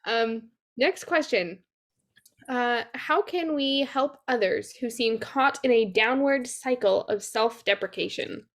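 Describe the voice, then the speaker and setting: A woman's voice: a little high, slow pace. A young woman moderating a school session, friendly and a bit giggly as she reads the questions. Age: young adult. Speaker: student moderator. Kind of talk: reading audience questions.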